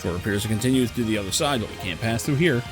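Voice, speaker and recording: A man's voice: lowish voice, lively intonation, racing. A man streaming a video game, chatting casually with swearing and reading game text aloud. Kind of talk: casual gameplay commentary. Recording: game music behind voice.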